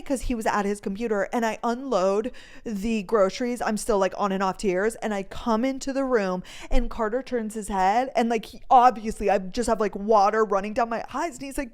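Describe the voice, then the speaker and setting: A woman's voice: on the high side, moderate pace. A woman in her twenties, a podcast host from North Dakota, telling a story in a chatty, emotional way full of filler words. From North Dakota, USA. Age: 20s. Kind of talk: casual storytelling chat.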